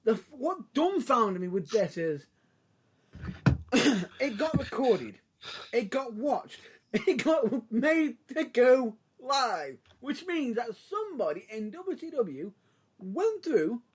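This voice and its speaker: A man's voice: very high voice, big pitch swings, slow pace, slight background noise. A man co-hosting a casual wrestling podcast chat, rambling and laughing, restarting his sentences. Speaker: podcast co-host.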